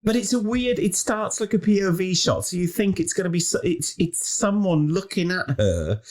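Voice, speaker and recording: Animated man chatting about film. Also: high voice, normal speed. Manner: chatty, jokey, animated retelling. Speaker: podcast co-host. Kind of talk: casual film review chat.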